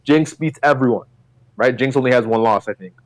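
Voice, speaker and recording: A man co-hosting a casual podcast, talking quickly and repeating his words. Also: mid-range voice, dry recording, low-quality recording. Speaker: podcast co-host.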